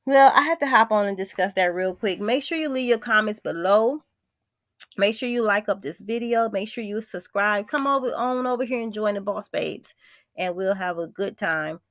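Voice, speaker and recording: A woman's voice: medium pitch, normal speed, no room sound, studio quality. A woman vlogger, talking bluntly and with exasperation straight to her viewers in a gossip commentary.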